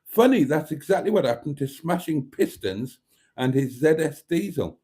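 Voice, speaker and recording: A man's voice: on the high side, animated, moderate pace, dark tone. A middle-aged British man hosting a live stream, chatting casually and rambling through jokes and viewer comments. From Britain. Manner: chatty and rambling, with dry jokes and mock outrage. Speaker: livestream host reading viewer comments.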